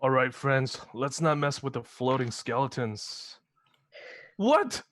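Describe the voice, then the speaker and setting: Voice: mid-range voice, fairly even intonation, unhurried, fairly bright tone. A player in a tabletop game, confused and goofy, blurting out baffled questions. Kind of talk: comic in-character play.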